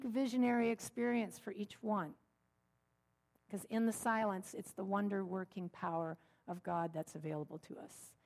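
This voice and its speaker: A middle-aged woman minister preaching in a relaxed, storytelling way. Her voice sits in an ordinary middle pitch, and she mixes gentle jokes in with her teaching. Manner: warm storytelling with gentle humor. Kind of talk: sermon.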